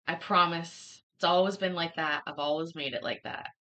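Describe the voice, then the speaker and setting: A woman's voice: on the low side, steady tone, moderate pace, sharp tone. A woman hosting a livestream, chatting casually with viewers and reacting to a court hearing, laughing and swearing freely. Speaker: livestream host.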